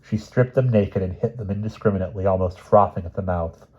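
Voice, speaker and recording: Male audiobook reader, low mellow voice, lively delivery, lo-fi. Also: breathy edge. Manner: expressive, measured. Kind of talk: storybook narration.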